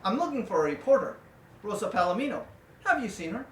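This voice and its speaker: A man voicing an earnest, literal-minded masked wrestler hero with a deadpan delivery. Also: high-pitched, quick pace, slight background noise. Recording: echoey room, distant mic.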